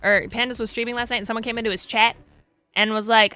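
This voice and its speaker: Young female streamer, rambling crude chat, bright voice, light music behind. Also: a little high, level tone, fast talker.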